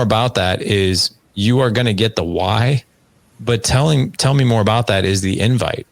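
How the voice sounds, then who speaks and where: Man, 40s, podcast guest; low, gravelly, animated storytelling. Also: normal speed, dry recording. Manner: animated storyteller acting out dialogue. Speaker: podcast guest, fatherhood coach. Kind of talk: casual interview conversation.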